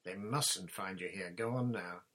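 A man voicing a huge, gentle groundskeeper who speaks low and gruffly in a hushed voice. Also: unhurried, heavily acted. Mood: fearful.

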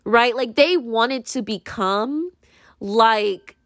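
A woman's voice: fairly high pitch, very slow, a bit bright, no room sound, clean studio sound. A young woman talking casually to camera in a rambling monologue, full of fillers, restarts and sudden swings.

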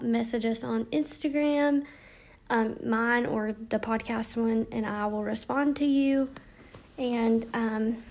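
A tired young woman, yawning late at night, hosts a podcast with a chatty, casual intro monologue read from notes and sprinkled with ums. Her voice is on the high side and a little mellow.

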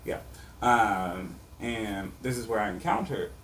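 A man's voice: lowish voice, takes it slowly, fairly bright tone. A man hosting a podcast, telling a long casual story in a rambling way, full of "like" and "or whatever.". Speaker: podcast host. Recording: distant mic with faint room noise.

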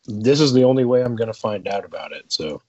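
A man co-hosting a podcast in relaxed casual chat, easygoing and reacting to the others. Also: on the low side, fast, slightly rough, highs cut off. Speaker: podcast co-host.

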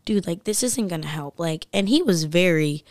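Young woman, animated storyteller, slightly low voice, dry close sound. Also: moderate pace, dry recording. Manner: animated storytelling, acts out voices, says "like" constantly. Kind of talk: casual chat.

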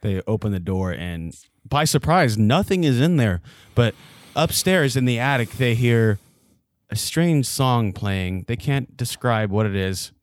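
A man's voice: medium pitch, expressive, unhurried, dry recording. A man narrating an improvised role-play scene in a matter-of-fact way.

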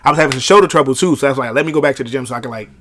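A man co-hosting a podcast in casual chat, an animated storyteller who acts out the people in his stories. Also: mid-range voice, rapid-fire, crowd noise. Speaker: podcast co-host.

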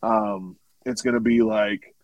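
Low voiced dude rambling about comics, dry close sound, says like a lot. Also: male voice, little pitch movement, takes it slowly, no room sound, poor audio. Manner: rambling, many likes and ums. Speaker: podcast host. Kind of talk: casual chat.

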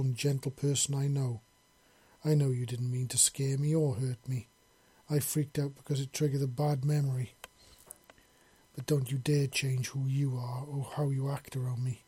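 A man's voice: medium pitch, mellow, breathy edge, lightly acted. A man voicing a remorseful young man who apologizes and reproaches himself. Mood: insistent.

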